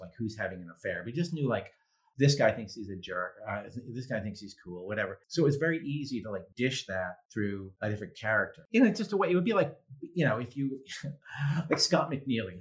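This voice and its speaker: A man, a guest author, telling stories in casual conversation, animated and profane, acting out quotes in mocking voices. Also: mid-range voice.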